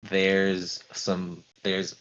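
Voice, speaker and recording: A man running a tabletop game, narrating in a fairly low voice. He talks in a relaxed, halting way full of fillers. The stream audio sounds dull and lo-fi. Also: a little hiss or hum. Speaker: game master.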